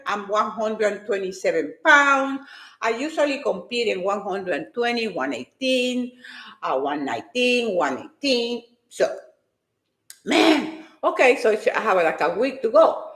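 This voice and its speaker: A woman and fitness competitor giving an emotional, animated personal faith testimony. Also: a little high, unhurried, roomy sound.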